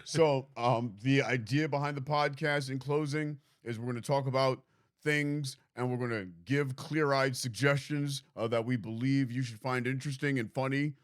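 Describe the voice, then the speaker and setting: A man's voice: medium pitch, fairly even intonation, moderate pace. A man co-hosting a comedy podcast in a studio, playful and rambling, often repeating words as he builds a bit. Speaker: podcast co-host. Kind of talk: casual comedic chat.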